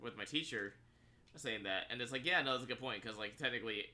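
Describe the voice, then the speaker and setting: A man's voice: mid-range voice, quick pace, sharp tone. A man streaming a video game, chatting casually with viewers in a rambling way, full of fillers and frequent laughs. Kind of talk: casual live-stream chat while gaming.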